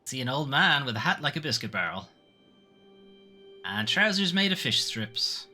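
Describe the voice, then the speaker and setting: A man puts on a whimsical stone selkie with a posh Edinburgh accent. He drawls playfully, his pitch swinging widely over a bright tone. Light game music plays behind. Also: very animated, normal speed, exaggerated voice. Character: posh old rock-statue selkie, wry and whimsical. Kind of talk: reading game dialogue aloud.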